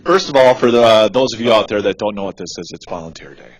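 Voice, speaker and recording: A man's voice: on the low side, expressive, fast talker, no room sound. A man, an operations director, speaking briefly and matter-of-factly to volunteers. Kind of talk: casual address.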